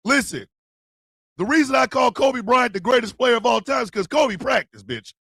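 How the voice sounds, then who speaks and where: A man with a strikingly high voice hosts a comedic radio advice chat. His pitch swings widely as he rants, and his tone has a husky edge. He is loud and profane and often breaks into shouts. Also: animated, moderate pace, dry recording, studio quality. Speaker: radio show host.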